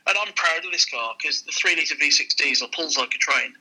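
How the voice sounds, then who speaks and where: A man's voice: a little high, brisk, slightly rough, low-quality recording. A man, a used car dealer, telling a casual anecdote and acting out the people in it. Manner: lively, acts out the people in his stories.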